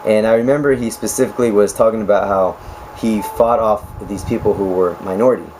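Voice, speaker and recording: Hoarse, chatty young nurse vlogger man. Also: on the low side, fairly even intonation, fast, darkish tone, slight background noise, rough recording. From United States. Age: 20s. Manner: chatty, laughing, joking asides. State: raspy, hoarse voice. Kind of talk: casual chat to camera.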